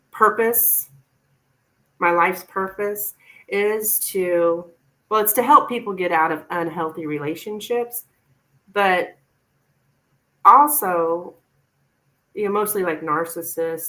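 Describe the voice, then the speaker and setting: A woman's voice: lowish voice, pushed and bright, low-quality recording. A woman tarot reader giving a chatty, reassuring live-stream reading to a viewer.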